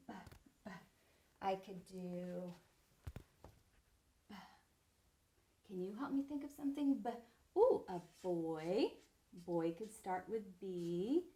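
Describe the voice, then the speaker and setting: A middle-aged woman teacher leading a reading lesson for young children in a slow, sing-song, encouraging way. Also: mid-range voice, a little mellow, reverberant. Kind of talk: early-grade reading lesson.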